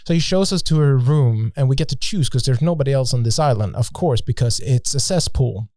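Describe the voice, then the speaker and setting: A man's voice: mid-range voice, lively intonation, brisk, dark tone, no room sound, clean studio sound. A man, a podcast guest, telling a travel story in a casual, joking way with many restarts.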